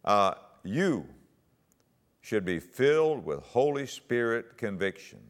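Lively-voiced preacher in a reverberant hall. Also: male voice, medium pitch, slow. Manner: earnest, exhorting, rises to emphatic peaks. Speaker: pastor. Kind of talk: teaching sermon.

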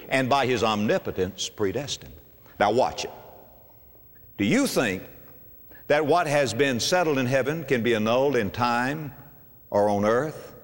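A man preaching a sermon, with a dramatic delivery that swings from quiet asides to ringing high cries. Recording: long hall reverb.

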